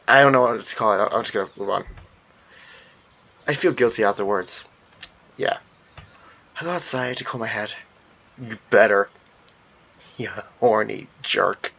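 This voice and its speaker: A man's voice: lowish voice, measured pace, gravelly, long pauses, pushed and bright, breathy edge, dull audio. A man reading a visual novel aloud with playful commentary, often laughing at himself.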